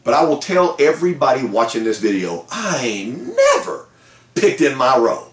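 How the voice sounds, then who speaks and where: A man hosting a car sales meeting, giving an energetic, folksy motivational pep talk. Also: mid-range voice, a little fast, roomy sound. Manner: energetic, folksy, lively with whoops.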